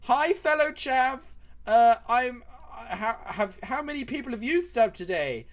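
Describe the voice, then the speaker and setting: A man's voice: extremely high pitch, lively intonation, unhurried, voice pushed up, exaggerated voice. A man voicing a chirpy, mock-friendly chav neighbour greeting from a window.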